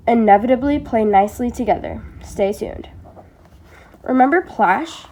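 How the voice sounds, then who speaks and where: A teenage girl reads a nonfiction book aloud in a homemade audiobook, her voice pitched a little high. She keeps a steady reading pace but sometimes trips over a word and starts it again. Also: a little slow. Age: teens. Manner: reads steadily, stumbling and restarting on words. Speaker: reader.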